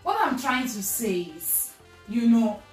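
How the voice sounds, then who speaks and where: A woman's voice: on the high side, expressive, unhurried, recorded from a distance, soft background music. Whiny Nigerian-accented woman in echoey room. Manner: whiny, pleading, playful. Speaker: comedy sketch performer playing younger sister. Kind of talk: comedy sketch acting.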